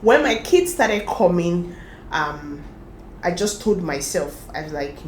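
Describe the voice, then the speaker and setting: A woman's voice: on the low side, takes it slowly, echoey room, slight background noise, rough recording. A woman, casually sharing her own experiences and giving advice straight to her viewers. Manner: chatty, advising viewers directly, animated laughter. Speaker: lifestyle vlogger. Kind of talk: casual talk to camera.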